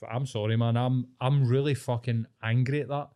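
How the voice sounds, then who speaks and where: A man's voice: mid-range voice, moderate pace, clear, resonant tone. A young Scottish man co-hosting a podcast, swearing a lot as he rants in casual chat. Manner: sweary, ranting, animated. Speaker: podcast co-host.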